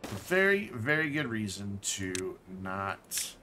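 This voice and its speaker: A man's voice: lowish voice, sing-song, takes it slowly, noisy background. A man casually commenting while playing a game on a live stream, thinking aloud, correcting himself and dropping jokey asides.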